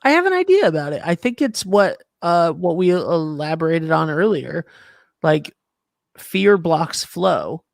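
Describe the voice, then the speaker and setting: A man's voice: a little high, very animated, measured pace, gravelly, dry recording, studio quality. A man hosting a podcast, rambling through casual chat with lots of fillers as he thinks aloud. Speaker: podcast host.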